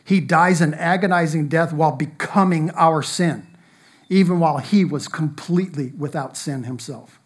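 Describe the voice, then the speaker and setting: A man preaching a sermon, reading scripture aloud in an earnest manner, with emphatic rises and soft drops. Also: on the high side, moderate pace. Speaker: pastor.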